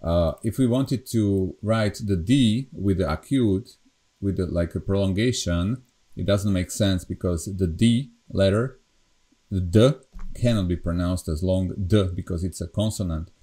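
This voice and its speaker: Slow, low Slovak-accented man teaching. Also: mellow. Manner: patient, searches for words, checks with "yeah?" and "okay?". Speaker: language teacher. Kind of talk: explaining a lesson.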